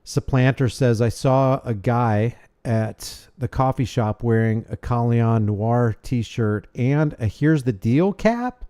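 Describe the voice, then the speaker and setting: A man hosts a casual livestream and reads his viewers' messages aloud. His voice sits in the middle range with a mellow, dark tone. He rambles and restarts sentences as he thanks people by name. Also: medium pitch, slow pace, few pauses, clean tone. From United States. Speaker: livestream host. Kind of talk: casual livestream chat reading super chats.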